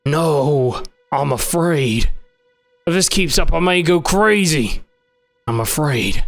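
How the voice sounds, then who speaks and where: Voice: medium pitch, expressive, slow, faint music behind. A player voicing a shaken, fearful young swordsman. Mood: afraid. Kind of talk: fan voice acting over a game.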